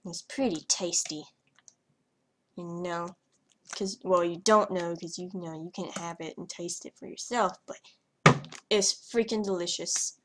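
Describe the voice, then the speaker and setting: A woman's voice: lowish voice, steady tone, unhurried, long pauses, noisy background. A young woman vlogger talking over her gameplay in a hyper, rambling way, trailing off and stuttering as she goes. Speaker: gaming vlogger. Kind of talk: casual commentary over gameplay.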